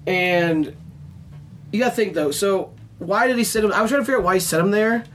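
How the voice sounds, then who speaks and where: A man's voice: high-pitched, brisk, fairly bright tone, slight background noise. A man in casual podcast chat, joking crudely in an offhand way.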